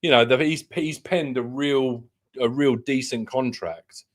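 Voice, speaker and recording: A man co-hosting a casual football podcast, chatty and quick to laugh. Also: medium pitch, fairly even intonation. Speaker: co-host.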